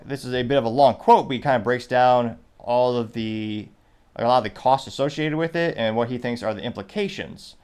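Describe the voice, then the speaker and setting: A man's voice: mid-range voice, a little mellow. A man hosting a show, giving casual commentary in a wry, offhand way and reading online posts aloud. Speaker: host.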